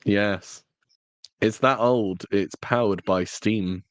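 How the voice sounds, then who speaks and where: A man's voice: fairly low pitch, fairly even intonation, takes it slowly, no room sound. A man co-hosting a casual review podcast, chatty and jokey, with frequent restarts. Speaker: podcast co-host. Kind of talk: casual chat.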